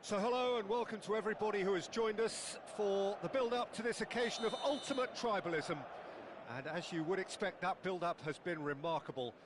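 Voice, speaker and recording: A man doing play-by-play football commentary, flowery and dramatic, erupting with excitement at big moments. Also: high-pitched, brisk. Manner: flowery, dramatic, bursts into loud excitement at goals. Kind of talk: sports commentary from a video game. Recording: loud background noise.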